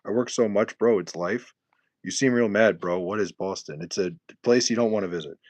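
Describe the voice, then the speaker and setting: A man's voice: lowish voice, moderate pace, a little mellow, no echo. A young man from New City, streaming live and trash-talking viewers in profane, mocking chat. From New York City.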